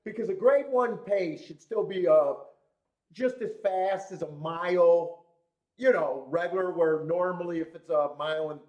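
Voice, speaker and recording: A man's voice: high-pitched, moderate pace, a little mellow, highs cut off. Young male host, slightly raised voice, stuffy from a cold, profane and rambling, casual live-stream delivery. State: congested from a cold. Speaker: horse racing show host.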